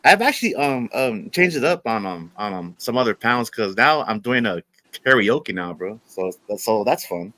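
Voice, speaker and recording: A man's voice: fairly low pitch, very animated, moderate pace, sharp tone, dry recording. A man in his forties chatting casually on a live stream, laughing easily and hesitating with lots of fillers. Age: 40s. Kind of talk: casual chat.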